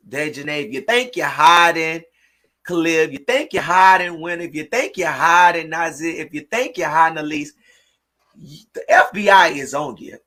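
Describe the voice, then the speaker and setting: A woman hosting a livestream, talking in a fiery preaching way, repeating phrases and shouting in outrage. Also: lowish voice. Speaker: livestream host. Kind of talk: impassioned livestream talk.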